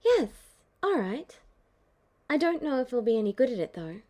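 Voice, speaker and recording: A woman voicing a gentle, playful young woman, speaking brightly in a fan-fiction audiobook. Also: on the high side, sing-song, normal speed.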